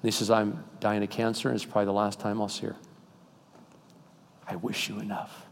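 An older man preaching a sermon as pastor, swinging between loud emphatic peaks and quiet, intimate asides, then leading a prayer in a church sanctuary. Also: on the low side, completely flat delivery, rapid-fire, gravelly, clear, resonant tone. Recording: long reverb in a large hall.

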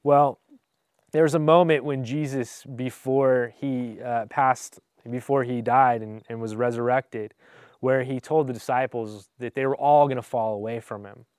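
A man's voice: mid-range voice, fairly even intonation, unhurried, darkish tone, clear, resonant tone, dry recording, clean studio sound. A pastor preaching a conversational sermon, speaking earnestly and informally, addressing his listeners directly with frequent restarts and rhetorical asides.

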